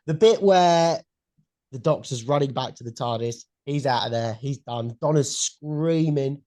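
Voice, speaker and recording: A young man co-hosting a podcast in casual chat, excitable and blunt, swearing freely. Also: mid-range voice, unhurried, dry recording. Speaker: podcast co-host. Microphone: headphones and mic at home.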